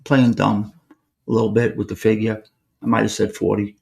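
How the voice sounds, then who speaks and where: Brief: gravelly New man, podcast host, spins a story and acts out every line of talk. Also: fairly low pitch, normal speed. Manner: animated storyteller acting out quoted dialogue. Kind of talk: casual storytelling.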